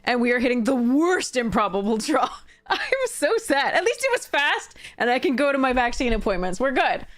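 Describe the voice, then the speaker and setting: A young woman talks through her card game matches and pack openings in casual streamer commentary. Her fairly high voice swoops widely as she jumps from frustrated, laughing outbursts to low, flat mutters, with plenty of swearing along the way. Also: a little fast, few pauses.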